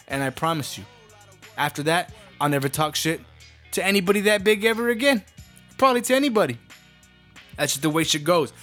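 A man's voice: a little high, a bit bright. Brash, profane man ranting. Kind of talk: comedic rant monologue.

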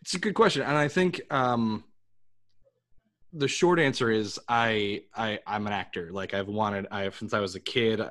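A fairly low-voiced man from New York chatting as a podcast guest. He tells stories animatedly and restarts his sentences often. His pacing is loose and conversational. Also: moderate pace. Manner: animated storyteller, frequent restarts. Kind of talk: casual interview chat.

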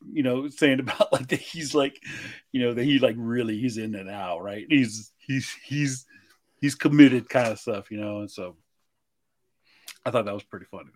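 A man co-hosting a casual movie podcast, rambling and acting out quotes with lots of laughter. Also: medium pitch. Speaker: podcast co-host.

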